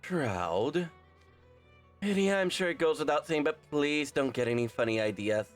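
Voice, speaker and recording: A young man reading a game's story aloud and voicing every part, animated and quick to correct his own slips. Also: fairly high pitch, clear, resonant tone, soft background music. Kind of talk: game script readthrough, voicing all parts.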